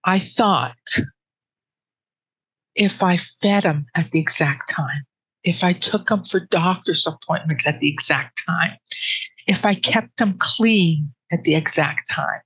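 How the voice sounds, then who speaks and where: A woman telling her personal grief story in an interview, with earnest, halting speech full of restarts that sits close to tears. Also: fairly low pitch, husky, no room sound, low-quality recording. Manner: soft and emotional, close to tears.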